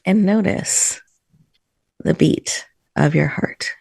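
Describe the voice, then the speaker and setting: Host type: woman guiding meditation, slow and soothing, slight vocal fry, dry close sound. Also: fairly low pitch, no room sound. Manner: soft, slow, soothing guidance. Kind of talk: guided breathing meditation. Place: virtual room, video call. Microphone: video call.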